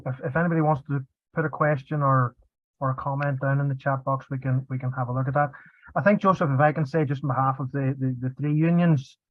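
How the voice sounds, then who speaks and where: A man's voice: medium pitch, steady tone, fast, no room sound, phone-quality sound. Hesitant Northern Irish man moderating a call. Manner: hesitant, repeats words. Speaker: webinar moderator. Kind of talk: moderating a webinar.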